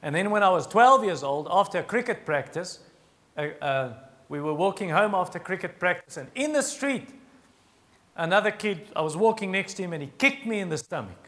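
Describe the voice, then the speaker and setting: A man preaching a sermon, earnest and emphatic, slowing down to stress key phrases. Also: sits high, expressive, fairly bright tone. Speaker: pastor.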